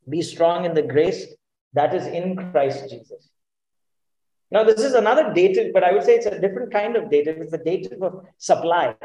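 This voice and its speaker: A man's voice: sits high, dark tone, echoey room, lo-fi sound. A man preaching a sermon in an earnest, emphatic way, often putting questions to the congregation.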